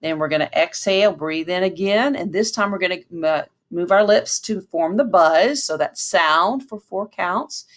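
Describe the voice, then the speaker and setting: Patient woman band teacher, lowish voice. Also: moderate pace, few pauses. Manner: patient, counts aloud and demonstrates sounds. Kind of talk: instructional lesson with counting.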